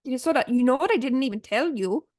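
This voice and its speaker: A woman's voice: high voice, animated, darkish tone, no echo, clean studio sound. A young adult woman from Oregon, co-hosting a podcast in casual chat with a chatty, upbeat manner. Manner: chatty, upbeat, quick asides. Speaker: podcast co-host.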